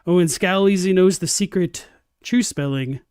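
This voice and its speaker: A young man chatting deadpan and rambling while he plays a game live on stream. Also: high voice, a little slow, smooth, dry recording, studio quality. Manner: rambling, filler-heavy. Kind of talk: casual live-stream chat while gaming. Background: faint game music.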